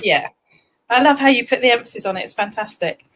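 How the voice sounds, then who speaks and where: A woman's voice: a little high, fast, fairly bright tone. A woman from England hosting a casual livestream chat, giggling often and chatting in a scattered way. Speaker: livestream host. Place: home livestream.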